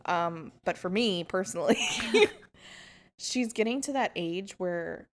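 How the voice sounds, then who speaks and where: A woman's voice: lowish voice, animated, unhurried. A young woman hosting a podcast in casual chat, telling stories candidly, swearing and laughing as she goes. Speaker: podcast host.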